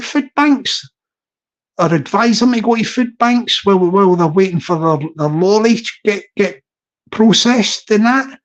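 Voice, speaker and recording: A middle-aged man with a Scottish accent chats loosely to his live-stream audience. He digresses and restarts his sentences. The audio sounds a little muffled and lo-fi. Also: high-pitched. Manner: rambling and digressive, with frequent restarts. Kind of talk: casual live-stream chat. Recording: slightly dull lo-fi recording.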